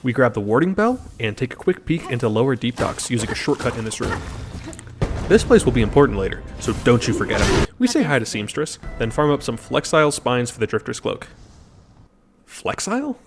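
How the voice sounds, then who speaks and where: Gravelly man narrating a game video. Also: mid-range voice, expressive, a little fast. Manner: wry, joking, explanatory. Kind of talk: scripted gameplay narration voice-over. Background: background music.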